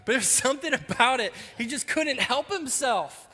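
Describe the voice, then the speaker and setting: A man preaching a sermon as pastor, telling stories in a lively way and dropping low and quiet for the solemn points. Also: fairly quick, hardly any pauses, in a large hall, a little hiss or hum.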